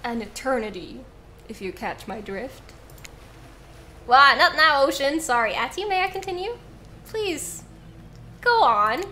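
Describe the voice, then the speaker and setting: A young woman livestreaming a game from home, her voice high and bright. She reads the game text aloud and chats playfully with her viewers, often breaking into giggles, with faint noise under her voice. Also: animated, measured pace, long pauses. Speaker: streamer. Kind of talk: live-stream gameplay commentary, reading game text aloud.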